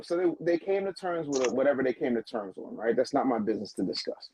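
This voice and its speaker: A man who manages wrestlers, telling a backstage story as a guest, acting out the quotes in a lower voice. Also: quick pace, hardly any pauses, crowd noise, poor audio. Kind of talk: animated storytelling.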